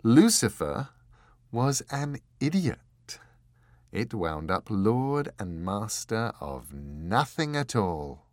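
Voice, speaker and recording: A man's voice: fairly low pitch, sing-song, no echo, clean studio sound. A man voicing a serene, sinister angel. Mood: serene, regretful. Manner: gentle and measured, slipping into unhinged fury. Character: serene, sinister fallen angel, genderless, coldly self-righteous.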